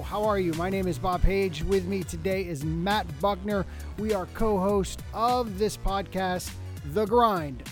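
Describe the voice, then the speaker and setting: A man co-hosting a podcast who makes quick wisecracks in casual chat. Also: sits high. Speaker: podcast co-host.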